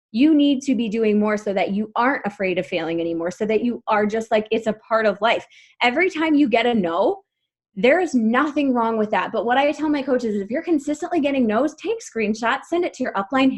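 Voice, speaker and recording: A woman in her thirties leads a team call as a motivational coach. Her voice sits slightly high, and she speaks in an upbeat, emphatic way with frequent laughter.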